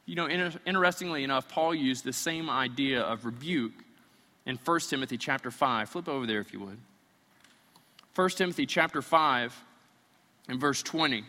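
A man's voice: mid-range voice, moderate pace, pushed and bright, long reverb tail. A man preaching a sermon in a conversational way, sometimes acting out imagined voices. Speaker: pastor.

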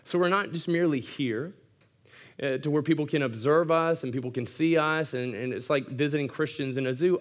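A man's voice: on the high side, brisk. A male pastor delivering a sermon earnestly, with occasional wry humorous asides.

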